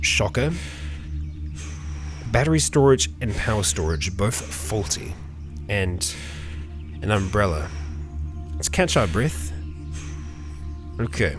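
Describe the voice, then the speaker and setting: A young man hosting a let's play, chatting casually through the game and talking to the characters on screen. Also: medium pitch. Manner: chatty, talks to game characters, bursts into mock fury and laughter.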